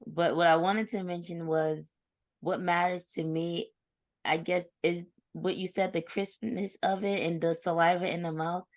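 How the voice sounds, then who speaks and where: A woman's voice: fairly low pitch, little pitch movement, moderate pace. A woman co-hosting a podcast, chatting casually, laughing often and sometimes searching for her words. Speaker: podcast co-host.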